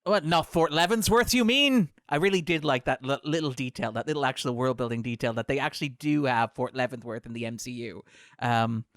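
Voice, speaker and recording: A man co-hosting a casual show discussion, chatty and animated with lots of fillers. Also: medium pitch, fairly quick, no room sound, studio quality. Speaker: podcast co-host. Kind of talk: casual chat.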